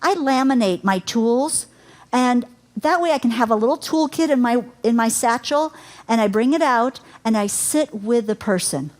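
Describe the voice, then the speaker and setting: A middle-aged woman with a somewhat high voice leads a caregiving workshop in a lecture room. She is chatty and laughs easily, and she keeps turning to the audience with questions. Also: animated, moderate pace. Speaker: caregiving educator. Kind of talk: live workshop talk to an audience.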